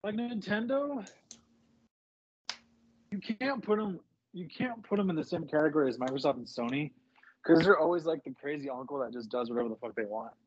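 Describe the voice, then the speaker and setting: A man's voice: on the high side, lively intonation, brisk, pauses often, slightly rough. A man co-hosting a podcast, chatting casually in a rambling, hesitant way that repeats its starts, on a muffled lo-fi recording. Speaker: podcast co-host. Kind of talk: casual chat.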